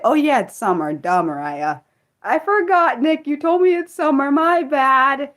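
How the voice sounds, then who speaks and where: A woman's voice: high voice, big pitch swings, normal speed. A young woman from the United States hosting an unscripted livestream, rambling with many fillers and restarts as she chats with viewers. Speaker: livestream host.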